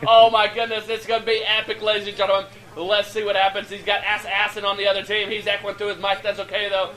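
A man giving excitable, profane, joking play-by-play commentary over an online shooter match. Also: sits high. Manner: excitable, hyped, laughing, swearing freely. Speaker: gameplay shoutcaster.

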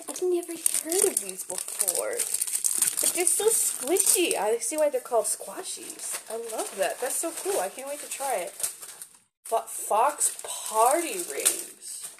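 A young woman unboxing gifts in a vlog, gushing and excitable, gasping and giggling as she talks. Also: high-pitched, unhurried, noisy background. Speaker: vlogger opening gifts.

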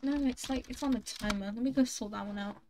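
A woman's voice: medium pitch, fast, a little mellow, slight background noise. A woman streaming a game, chatting casually, swearing freely and teasing her friends. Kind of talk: casual chat while gaming.

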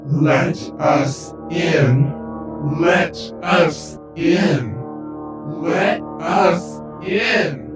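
A woman voicing an eerie black-eyed boy who speaks with slow, smooth menace. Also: sits low, lively intonation, over music, pitched below the performer's own voice, heavily acted. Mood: chanting.

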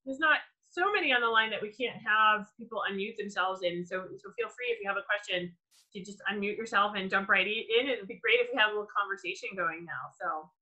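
Bright-voiced woman teaching online. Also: mid-range voice, rough recording. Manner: energetic teacher, explains with examples, many ums. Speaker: workshop speaker. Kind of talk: online lecture with Q&A. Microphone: video call.

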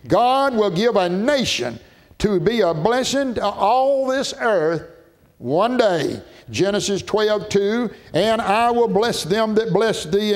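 High-voiced preacher. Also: male voice. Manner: emphatic, slow drawn-out preaching, rising to shouts. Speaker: pastor. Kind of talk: Baptist sermon.

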